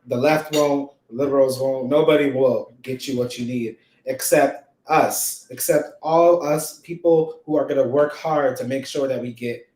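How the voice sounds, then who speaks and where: A man hosting a casual livestream, telling stories in an animated way, repeating lines for effect and laughing along. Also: medium pitch, a little slow, hardly any pauses, echoey room. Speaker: host.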